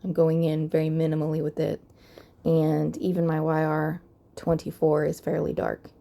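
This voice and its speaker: A young adult woman narrating a craft card-making tutorial voice-over, calm and methodical, her voice crackly from the early morning. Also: low voice, moderate pace, creaky.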